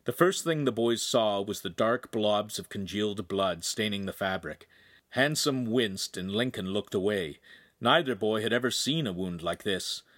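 Here a male narrator performs scripted narration of a young adult book at normal speed, in a dry, clean studio recording. He tells it with energy, shifting into higher voices whenever a character speaks.

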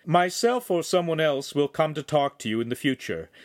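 A man playing a haughty young nobleman, raised pitch. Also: animated, moderate pace, close to an everyday voice. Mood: smoothly haughty. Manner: imperious, raises his voice. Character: arrogant young male noble, haughty and threatening.

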